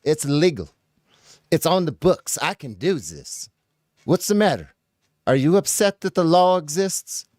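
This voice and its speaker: A man's voice: on the high side, sing-song, measured pace, darkish tone, dry recording, studio quality. A man putting on a smug, indignant character who insists everything he does is legal, in a mocking, exaggerated tone.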